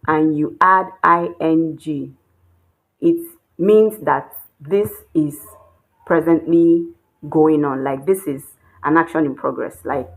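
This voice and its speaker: A woman teaching Chinese grammar patiently, repeating each point with slow worked examples. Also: low-pitched. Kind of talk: explaining grammar.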